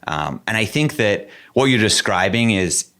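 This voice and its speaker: A man's voice: lowish voice, expressive, moderate pace, a bit bright, smooth. A man with an Australian accent, a podcast guest talking casually and thinking aloud with easy fillers. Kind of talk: casual conversation.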